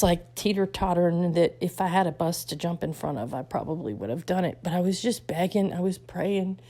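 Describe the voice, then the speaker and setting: A woman telling her life story on a vlog, halting and heartfelt, with many restarts and soft whispered stretches. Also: on the low side, gravelly. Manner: halting, full of restarts, drops to soft whispers at tender moments. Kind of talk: emotional personal storytelling.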